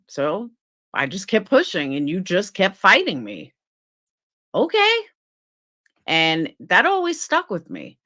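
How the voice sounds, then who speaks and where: A woman's voice: fairly high pitch, pushed and bright. A woman on a live stream telling a story and ranting bluntly, with swearing. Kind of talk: casual live-stream rant.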